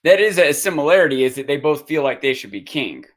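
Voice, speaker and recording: A man co-hosting a casual discussion, talking in a measured way and thinking aloud. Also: a little high, animated. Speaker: podcast co-host.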